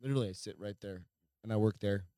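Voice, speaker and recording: A man's voice: fairly low pitch, fast, warm tone, dry recording, clean studio sound. A man co-hosting a casual podcast with his wife, self-mocking, swearing and rambling. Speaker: podcast co-host. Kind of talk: casual chat.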